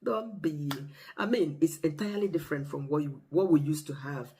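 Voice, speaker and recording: A vlogger with a Nigerian accent talking casually to camera, telling stories in a lively, expressive way. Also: mid-range voice, normal speed, slight background noise. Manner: expressive, animated storyteller.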